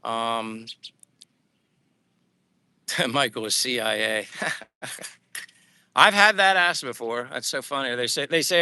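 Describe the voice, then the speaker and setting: Older man from Pennsylvania, a casual rambling streamer outdoors, crisp dry sound. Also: medium pitch, big pitch swings, takes it slowly, long pauses, bright, forceful tone, no echo. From Pennsylvania, USA. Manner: rambling, friendly, frequent fillers and restarts. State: sweating in the heat. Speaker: livestream vlogger reading chat. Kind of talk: casual live chat while walking. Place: outdoors under trees in the heat.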